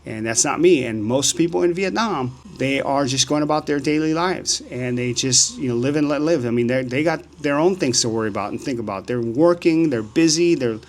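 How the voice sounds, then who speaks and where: A man in his sixties tells stories in a casual vlog, animated and acting out the dialogue. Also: brisk, few pauses. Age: 60s. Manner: animated, acts out dialogue with rising pitch. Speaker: vlogger. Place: outdoors on a sunny street.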